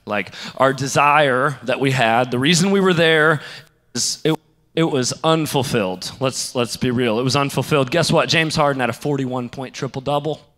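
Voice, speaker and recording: A young man preaching a sermon, telling a story in a lively way and acting out the other people's lines. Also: mid-range voice, in a large hall. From St. Louis area. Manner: animated, acts out quoted voices. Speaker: pastor.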